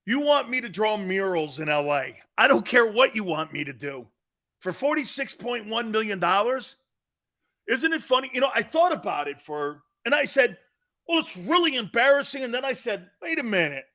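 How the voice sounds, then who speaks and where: A middle-aged man hosting a sports talk show, ranting and bantering loudly in a casual way. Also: high-pitched, moderate pace. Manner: loud, animated, bantering rants.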